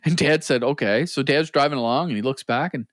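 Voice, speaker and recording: A man's voice: medium pitch, brisk, no room sound. A man co-hosting a podcast, telling a story in casual chat, laughing often and acting out quoted lines. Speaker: podcast co-host.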